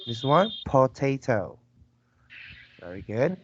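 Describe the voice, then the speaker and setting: A man's voice: mid-range voice, big pitch swings, slow pace, slight background noise. A man teaching an online English lesson, patiently prompting and repeating words for his student. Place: video call. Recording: dull lo-fi call audio.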